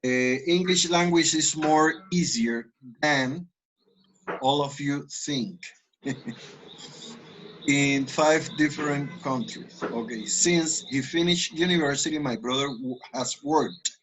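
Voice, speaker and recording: A man with a Spanish accent teaching English, explaining grammar and slowly modeling example sentences. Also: on the high side, fairly bright tone, a little hiss or hum, low-quality recording. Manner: switches between languages, slow deliberate model sentences. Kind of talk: online class, explaining grammar.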